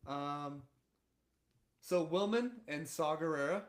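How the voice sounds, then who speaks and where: A young man co-hosting a podcast, recapping episode plots in a relaxed, casual way with frequent fillers. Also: fairly high pitch, slow pace. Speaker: podcast co-host. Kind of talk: casual chat.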